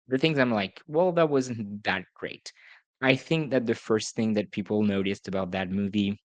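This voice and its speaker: A man's voice: on the low side, no room sound. A man hosting his own podcast, reviewing films in a chatty, self-correcting way and chuckling at himself. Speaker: podcast host. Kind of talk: casual solo podcast review.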